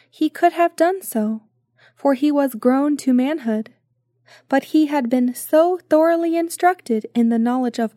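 Slow, solemn woman reading devotions. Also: high voice, dark tone, dry recording, studio quality. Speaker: devotional reader.

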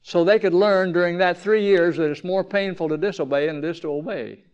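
Preaching at a campground meeting, a man with a clear, resonant tone speaks a little fast and poses rhetorical questions to the crowd. He moves between emphatic highs and quiet, low passages, captured in lo-fi sound.

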